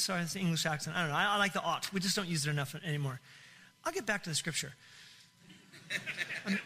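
Man preaching a sermon, high voice, bright tone, fervent, full of restarts and repeats. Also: fast, long pauses. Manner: impassioned preaching with many restarts and repeated phrases. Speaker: pastor.

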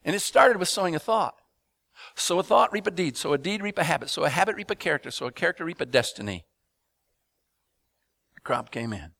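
A man preaching a sermon to a congregation, asking them to respond and building up rhythmic repeated phrases into loud emphatic bursts. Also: on the high side, animated, brisk, gravelly, pauses often, dry recording. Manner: addresses congregation with call-and-response questions.

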